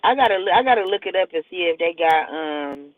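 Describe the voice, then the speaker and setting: A man's voice: sits high, lively intonation, brisk, dry recording. A man hosting a casual livestream, rambling and joking with frequent laughter. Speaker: livestream host. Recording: tinny phone-like audio with faint hiss.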